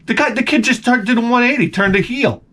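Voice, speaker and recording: A man telling a comedic story in an animated rant, swearing and stammering through restarts. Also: very high-pitched, fast talker. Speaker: comedic vlogger.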